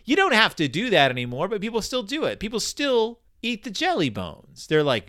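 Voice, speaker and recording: A man riffing through a comedic book commentary, with a lively voice that swings high and low. His tone is bright and sharp, and his jokes keep spinning off into sarcastic tangents. The sound is dry and close. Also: fast talker, no echo. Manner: joking, rambling tangents; sarcastic, animated.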